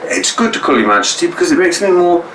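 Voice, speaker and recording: A man's voice: a little high, sing-song, fast, background noise. A man talking in a theatrical, gushing and profane way to a guest. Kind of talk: effusive documentary talk. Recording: roomy echo, faint ambience.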